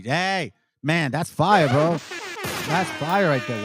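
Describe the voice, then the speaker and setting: A man's voice: fairly high pitch, unhurried, over music. A man teaching scripture in a casual, slang-laced style, reading verses aloud and explaining them.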